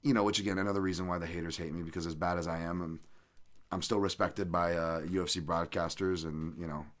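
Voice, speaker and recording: A man's voice: deep voice, steady tone, quick pace. A man hosting a podcast, talking in a rambling, profane, self-deprecating way. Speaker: podcast host. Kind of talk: casual podcast monologue.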